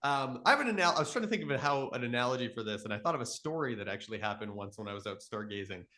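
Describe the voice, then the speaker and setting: Enthusiastic man, lively expressive pitch. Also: rapid-fire. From Canada. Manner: enthusiastic storytelling, animated voices in quotes. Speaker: astronomy educator. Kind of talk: live Q and A explanation.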